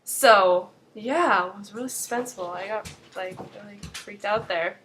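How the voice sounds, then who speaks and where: A woman's voice: medium pitch, unhurried, a bit bright, soft background music. A young woman casually recapping a TV episode in a vlog, chatty and leaning on "like" throughout. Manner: chatty, fills with 'like' constantly.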